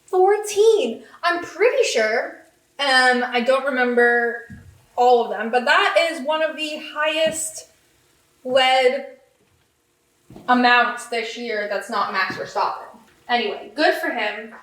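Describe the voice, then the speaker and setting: A woman with a slightly high voice gives a chatty, excitable podcast recap, tossing in "like" and "um" constantly. Her voice rings in a roomy, echoey space. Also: slow, long pauses. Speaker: podcast host. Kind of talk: casual race recap.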